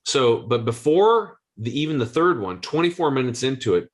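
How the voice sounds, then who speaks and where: A man in his forties, a guest health coach, telling a story with excitable, slangy energy. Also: medium pitch, normal speed. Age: 40s. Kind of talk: animated storytelling.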